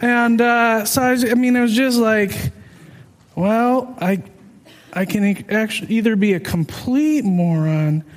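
Man with a very high voice, earnest and self-deprecating testimony, long reverberant hall. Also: measured pace. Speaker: speaker sharing a personal testimony. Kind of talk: personal testimony storytelling.

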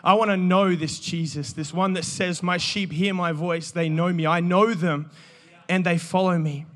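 A man preaches with animated energy, bantering with the people in front of him between points. His voice sits high for a man and rings bright and forceful. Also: moderate pace. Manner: animated, joking, calls out to the congregation. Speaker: pastor. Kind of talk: energetic sermon with audience banter.

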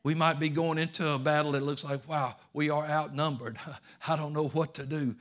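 A pastor preaching a sermon, telling a story that swings from hushed, low asides to emphatic, raised declarations. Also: male voice, steady tone, normal speed.

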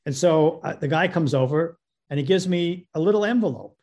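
A man with a slightly higher-than-usual voice tells a story as a guest. He is a film producer and director. He acts out phone calls with a lively back-and-forth, switching between the voices as he goes. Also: fairly quick, lo-fi sound. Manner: animated retelling that acts out both sides of phone calls. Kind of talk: storytelling anecdote.

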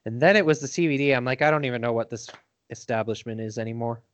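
A man from Michigan co-hosting a podcast, chatting in a relaxed, reflective way. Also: medium pitch, fast talker, dry recording. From United States, Michigan. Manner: laid-back, reflective, wraps up the episode. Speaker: podcast co-host. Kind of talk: casual chat.

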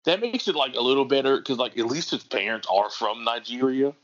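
A man's voice: medium pitch, expressive, fairly quick, a bit bright, lo-fi sound. A man co-hosting a casual wrestling podcast, wry and critical, picking apart details. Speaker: podcast co-host.

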